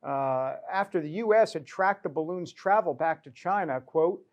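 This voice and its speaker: A man's voice: on the high side, lively intonation, moderate pace, highs cut off. A man hosting a talk show, giving comedic news commentary in a sarcastic, joking way.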